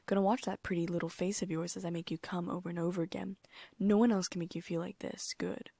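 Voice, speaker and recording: A man's voice: high-pitched, little pitch movement, quick pace, vocal fry, mellow, husky, dry recording, full character voice. A woman reading as a growling possessive vampire husband.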